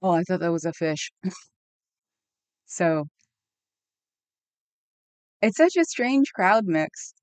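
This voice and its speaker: A woman's voice: fairly low pitch, lively intonation, slow pace, pauses often, clean tone, no room sound. Chatty woman streamer, dry close sound. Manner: rambling, chatty, laughs often, reacts to chat. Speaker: live streamer. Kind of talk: casual livestream chat with viewers.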